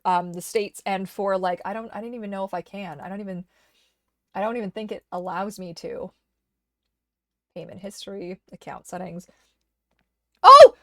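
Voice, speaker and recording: A woman with a mid-range voice livestreams from her desk, chatting casually and rambling with lots of restarts. Her voice sounds slightly worn, picked up by a desk microphone with studio-quality clarity and no echo.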